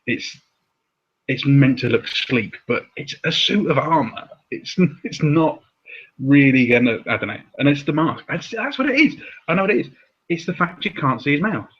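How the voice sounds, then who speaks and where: A man's voice: mid-range voice, sing-song, moderate pace, husky. A man hosting a casual chat about comics, chatty with laughing asides. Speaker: host. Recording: dull lo-fi sound.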